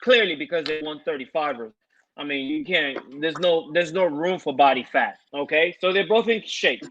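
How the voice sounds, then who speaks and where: Man, high bright voice, methodical, reading stats, casual podcast. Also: moderate pace, dull audio. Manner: methodical, walks through stats. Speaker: podcast co-host giving picks. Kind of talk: casual fight-analysis chat.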